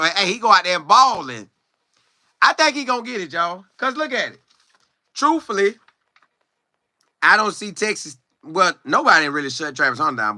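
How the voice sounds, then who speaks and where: A lively sports commentary streamer with a bright voice on the high side chats casually with viewers, singing, riffing, and reading their comments aloud. The sound is studio quality with no echo.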